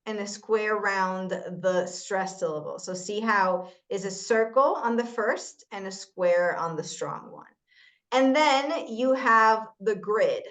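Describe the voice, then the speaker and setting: A woman's voice: mid-range voice, highs cut off. Woman explaining a lesson plan on a call. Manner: casual, explanatory, with frequent apologies and restarts. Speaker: volunteer trainer. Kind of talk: screen-share training walkthrough.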